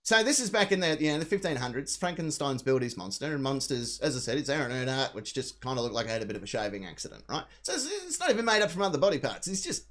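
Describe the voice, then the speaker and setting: A man's voice: medium pitch, big pitch swings, fast, few pauses, a bit bright. A man hosting a live show, rambling and swearing his way through a film recap and thanking donors. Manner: rambling, profane, retelling a film. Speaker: host. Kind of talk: casual live-stream chat.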